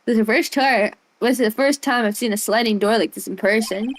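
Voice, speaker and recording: A woman's voice: fairly high pitch, fairly quick. A young woman streamer giving casual, playful gameplay commentary, giggling often and rambling.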